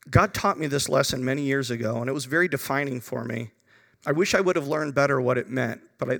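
A middle-aged man preaching a sermon, telling a personal story and moving between hushed, reverent passages and urgent, raised ones. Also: mid-range voice, vocal fry. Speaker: pastor. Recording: long reverb of a large hall.

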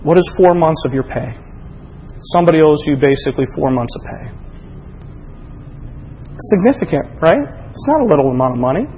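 Emphatic, fairly high-voiced male preacher. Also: lively intonation, fairly quick, pauses often, long reverb tail, a little hiss or hum, rough recording. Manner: swings between loud emphatic reading and soft intimate appeals; asks the listeners many direct questions. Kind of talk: sermon.

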